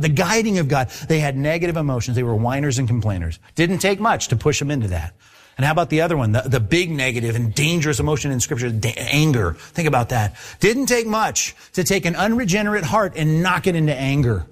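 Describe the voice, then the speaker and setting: Lively conversational male preacher. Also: on the high side, fast talker. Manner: animated, conversational preaching with acted-out voices. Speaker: pastor. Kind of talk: sermon.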